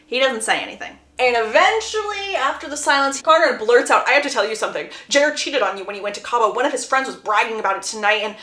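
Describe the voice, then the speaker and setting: A woman's voice: on the high side, expressive, quick pace, hardly any pauses, sharp tone, roomy sound. A woman casually retelling a book's plot, chatty and acting out the quotes. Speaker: book summary creator.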